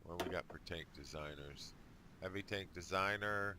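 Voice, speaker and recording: A man's voice: deep voice, normal speed, background noise. A man giving casual let's play commentary on a strategy game, thinking aloud with dry jokes. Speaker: gamer.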